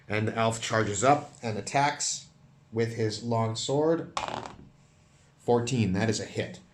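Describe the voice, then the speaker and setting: A man running and narrating a solo tabletop game, counting dice rolls out loud in an animated way. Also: lowish voice, roomy sound, a little hiss or hum. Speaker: solo game master and player.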